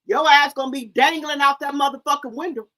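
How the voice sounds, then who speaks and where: A woman streamer in a loud, confrontational, heavily profane livestream rant. She stammers and repeats herself and keeps firing rhetorical questions. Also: sits high, fairly even intonation, brisk.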